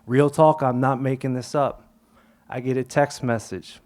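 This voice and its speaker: Telling a personal story from the stage, this young adult man speaks a bit slowly in a mid-range voice. His delivery is animated; he acts out each quote and occasionally lowers his voice to a whisper.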